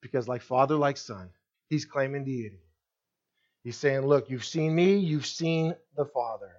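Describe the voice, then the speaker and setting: A man's voice: mid-range voice, measured pace, a little mellow, muffled recording. A man preaching a sermon as pastor, speaking to his congregation and acting out the voices in the story.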